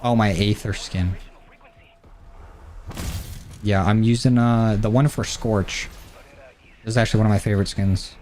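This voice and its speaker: A man's voice: on the low side, steady tone, measured pace, long pauses, darkish tone, a little hiss or hum. A man streaming a shooter game, thinking aloud in casual commentary, rambling and swearing freely from his home desk mic. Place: home gaming setup. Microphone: desk mic through a mixer. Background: faint game gunfire.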